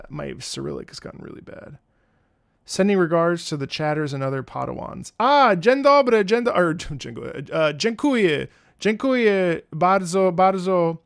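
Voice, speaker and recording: Playful man in his thirties, gravelly. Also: on the high side. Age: 30s. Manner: playful, joking, stumbling through greetings in other languages. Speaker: streamer and opera singer. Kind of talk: casual live-stream chat.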